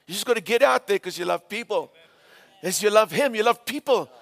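A man from England preaching a storytelling sermon, animated, switching between shouts and hushed tones. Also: sits high, a little fast, vocal fry.

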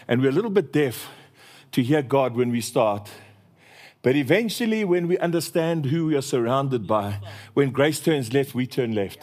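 A South African man preaching a sermon, telling stories in a lively way. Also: mid-range voice. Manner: lively storytelling with laughter.

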